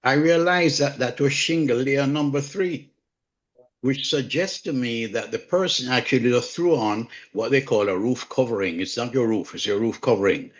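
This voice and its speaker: A man in his sixties with a Jamaican accent, a home inspector speaking as a guest on an online community call, earnest and measured, repeating his key points. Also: mid-range voice. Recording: dull lo-fi online call audio.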